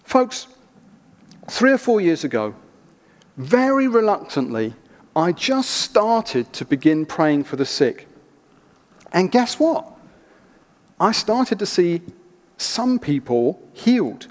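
Lively preacher in a reverberant hall. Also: male voice, high voice, takes it slowly, long pauses. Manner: animated, chatty storytelling with asides and laughs. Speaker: pastor. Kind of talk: sermon with storytelling.

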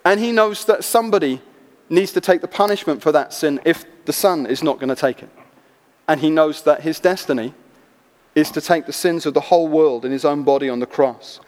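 A man preaching a sermon, telling stories with animated energy and acting out the people in them. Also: on the high side, fairly quick. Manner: animated storytelling, acting out voices. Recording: long hall reverb.

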